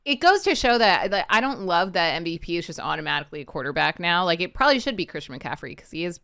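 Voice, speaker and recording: Casual female panelist, low smooth voice, dry close sound, chatty filler-heavy delivery. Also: sing-song, quick pace, bright, forceful tone, no echo. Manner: chatty, fills with "like" and "um". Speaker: sports betting panelist. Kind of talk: casual sports betting chat.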